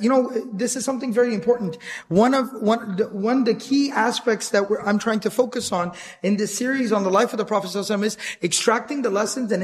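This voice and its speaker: A man teaching an educational lecture series on the life of the Prophet, earnest and emphatic, repeating his key points and reciting Arabic verses quickly. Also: high voice. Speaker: Islamic teacher.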